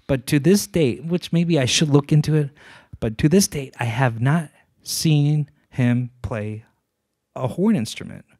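A man's voice: a little high, a little mellow, no echo. Earnest man on a dry close mic. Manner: earnest, explains at length and slows down to stress points. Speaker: podcast co-host. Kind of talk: casual chat.

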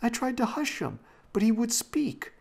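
A man voicing a frightened boy who shouts for his mother in a strained, raised voice. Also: very high voice, big pitch swings, normal speed, creaky, voice pushed up, heavily acted. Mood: protesting.

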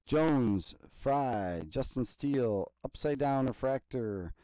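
A man hosting a card break, reading player names in a steady list between casual chatty asides. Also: mid-range voice, takes it slowly, dry recording, rough recording. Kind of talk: casual running commentary while opening card packs.

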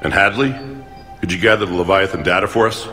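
An earnest older scientist. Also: male voice, low voice, steady tone, pushed and bright, faint music behind. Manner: earnest, measured explanations. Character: older male scientist leading a research task force. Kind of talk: video game dialogue.

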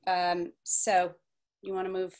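A woman's voice: lowish voice, completely flat delivery, takes it slowly, darkish tone. A woman moderating an online info session, reading out questions and giving frank, practical advice in a chatty way.

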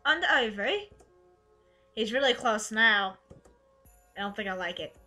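A woman's voice: on the high side, unhurried, faint music behind. A woman playing a visual novel with her sister, reading narration and joking casually. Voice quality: animated, joking. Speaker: let's play host. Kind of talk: casual chat while narrating a game.

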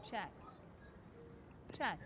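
A woman voicing a poker dealer in a game, calling out bets and folds in short, flat announcements. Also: extremely slow, background noise. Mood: calm announcing.

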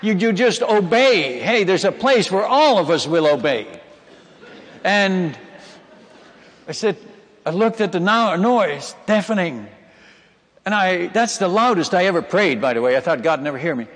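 A Dutch-born missionary preacher, whose first language is Dutch, dramatically recounts his testimony in a sermon, emphatically calling his listeners friends and folks. His voice sits high with lively intonation, a little slow and slightly rough. The sound carries the reverb of a large hall.

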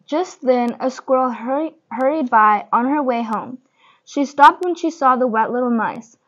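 Higher-voiced young woman reading a storybook. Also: moderate pace, a bit bright. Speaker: reader. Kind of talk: reading a picture book aloud. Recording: dull lo-fi recording.

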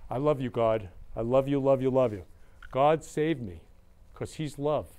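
A man's voice: medium pitch, a little slow, dark tone, clean tone. A man hosting his own show, talking in an effusive, emotional way and repeating words of love. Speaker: show host. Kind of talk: casual livestream talk.

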